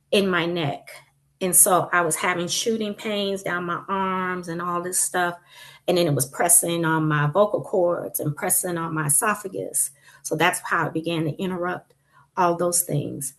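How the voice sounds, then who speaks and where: A woman guest on a panel, telling her own patient story in a chatty, lively way. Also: fairly low pitch. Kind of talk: casual panel discussion.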